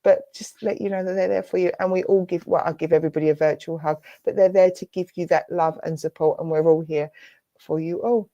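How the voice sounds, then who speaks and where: An English woman giving a gentle, reassuring clairvoyant reading as a spiritualist medium during an online church service. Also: fairly low pitch, fairly even intonation, brisk, no room sound, dull audio. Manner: soft, reassuring, affectionate, addresses listener as darling and lovely.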